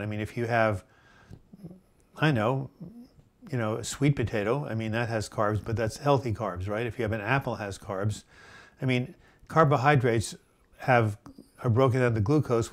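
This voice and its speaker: Man hosting a live viewer Q&A. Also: on the low side. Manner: chatty, reads viewer comments aloud and answers them; frequent fillers and restarts, gentle advice. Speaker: host answering viewer questions. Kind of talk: live chat Q&A.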